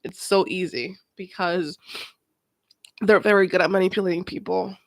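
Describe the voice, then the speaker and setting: A woman's voice: fairly low pitch, fairly even intonation, moderate pace, slight background noise. A woman hosting a watch-along, reacting to a documentary with emphatic, repetitive commentary. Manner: emphatic, swearing, repeats words. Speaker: host.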